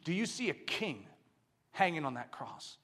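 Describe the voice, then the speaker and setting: A male preacher with a high, bright, ringing voice. He moves from loud, emphatic declarations down to hushed, intense lines and keeps putting rhetorical questions to the congregation. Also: very animated, unhurried. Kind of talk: sermon.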